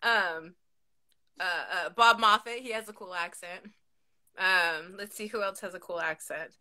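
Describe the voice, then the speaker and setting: A woman with a lisp hosting a casual chat, animated and quick to swear and laugh. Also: lowish voice. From Southern California. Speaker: podcast host.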